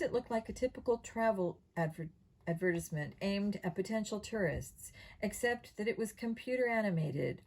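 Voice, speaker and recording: A woman's voice: mid-range voice, a little mellow, low-quality recording. Woman reading a kids' mystery aloud. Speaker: audiobook reader.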